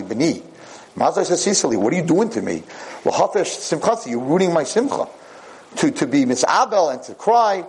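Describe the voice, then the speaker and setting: This is a man delivering a religious lecture in a medium-pitched voice, telling a lively story and acting out the characters' dialogue. The recording is rough.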